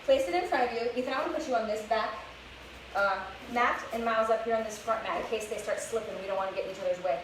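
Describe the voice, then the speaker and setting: Encouraging and upbeat, a young fitness instructor coaches a live kids' workout class, her voice on the high side, fast and a little breathless. The session takes place in an open outdoor space, and the recording is echoey and distant, with background noise.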